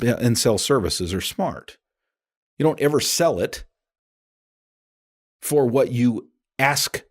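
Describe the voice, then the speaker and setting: A man's voice: mid-range voice, slightly rough. A man hosting a coaching podcast, talking casually and chattily with lots of restarts. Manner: animated, chatty, many restarts. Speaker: podcast host and appraisal coach. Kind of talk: casual instructional podcast talk.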